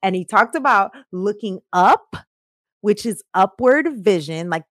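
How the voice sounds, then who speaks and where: A woman co-hosting a casual faith conversation at home, chatty and quick to laugh, with lots of fillers. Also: medium pitch, expressive, no echo, studio quality. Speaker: podcast co-host.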